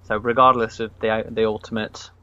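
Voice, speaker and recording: A man's voice: fairly low pitch, level tone, moderate pace, sharp tone. Rambling man on a dull mic. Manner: rambling anecdotal storyteller, many restarts. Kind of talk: casual chat. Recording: slightly dull, dry recording.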